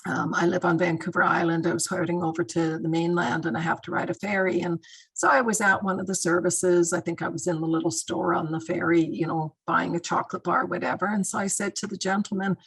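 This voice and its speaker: Speaking briskly in a fairly low, fairly even voice that's slightly rough, a middle-aged woman comes through on a low-quality recording. She's a crisis-intervention guest speaker at a video-call training session, sharing stories warmly and conversationally with plenty of fillers.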